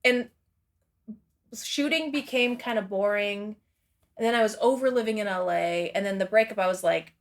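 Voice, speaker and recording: A woman's voice: mid-range voice, moderate pace. A woman speaking as a guest in a casual interview, rambling and candid, swearing freely and laughing often between her thoughts.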